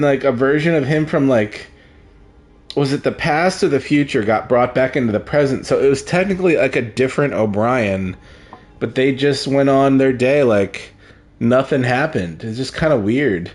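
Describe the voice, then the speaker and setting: A man's voice: medium pitch, lively intonation, normal speed. A man giving casual gameplay commentary, rambling, crude and sardonic as he plays. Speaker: gaming streamer.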